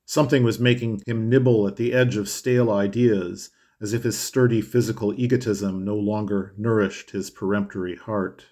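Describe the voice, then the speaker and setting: A man narrating a classic novel in a measured, expressive way. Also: fairly low pitch. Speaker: audiobook narrator. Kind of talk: scripted literary narration.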